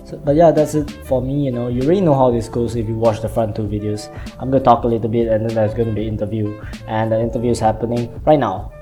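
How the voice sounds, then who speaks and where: Young man, casual vlog host, rambling and animated, mellow dark voice, faint music behind. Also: medium pitch, fast talker, few pauses. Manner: animated, rambling, repeats words. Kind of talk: casual explanatory vlog talk.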